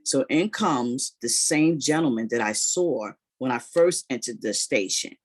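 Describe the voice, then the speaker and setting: A man retelling a personal story in casual talk, animated and full of "you know" and "like". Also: mid-range voice, measured pace, slightly rough.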